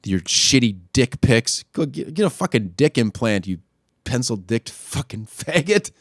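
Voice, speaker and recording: A man hosting a podcast, ranting casually and crudely, often pushing his voice louder and higher when worked up. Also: sing-song, a little slow, no room sound, clean studio sound. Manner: profane, crude trolling rant. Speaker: podcast host. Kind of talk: casual solo rant.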